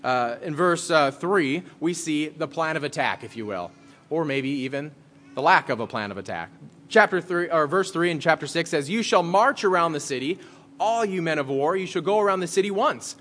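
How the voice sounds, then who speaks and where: A pastor giving a conversational sermon, reading scripture aloud and then explaining it in plain words. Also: male voice, on the high side, normal speed, a bit bright.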